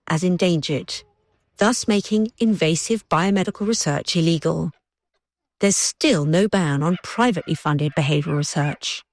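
A woman narrating a documentary in a measured, scripted way. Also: lowish voice, dry recording.

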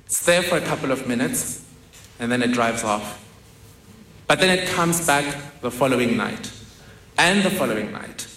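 A man's voice: mid-range voice, sharp tone. A young man giving a personal storytelling talk on stage, vivid, wry and self-deprecating. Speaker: speaker. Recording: roomy hall echo.

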